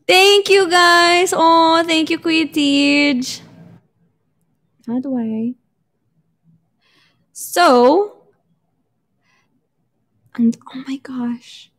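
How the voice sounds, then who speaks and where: A woman's voice: very high voice, fairly even intonation, extremely slow, long pauses, a bit bright. A woman with a Filipino accent hosting a casual livestream, bubbly and giggly as she chats with viewers. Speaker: livestream host.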